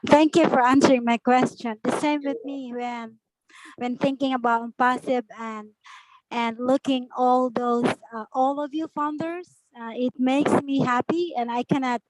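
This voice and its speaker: A woman's voice: high-pitched, steady tone, normal speed, noisy background. A woman joining a group video call from her phone, speaking in a heartfelt way and often repeating herself. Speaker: call participant.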